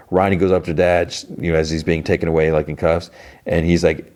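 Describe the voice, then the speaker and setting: A man's voice: low voice, little pitch movement, fast, darkish tone. A man hosting a podcast, casually recapping a TV episode and acting out lines of dialogue. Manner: retells scenes, acting out dialogue. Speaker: podcast host.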